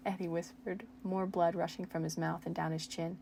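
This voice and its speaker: A young woman with a low, gravelly voice reads her old fan fiction aloud into a close home mic, joking at her own expense between passages. A faint hum of room noise sits behind her. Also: fairly even intonation, moderate pace, mellow. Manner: self-mocking, laughs at her own writing. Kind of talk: casual reading aloud with chatty asides.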